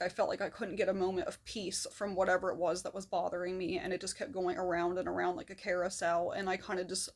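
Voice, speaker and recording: Woman just talking to her camera, kinda rambly, pretty monotone. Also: on the low side. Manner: candid, rambling, with soft laughs and fillers. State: shaky hands, feeling manic. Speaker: video blogger. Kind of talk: personal talk to camera.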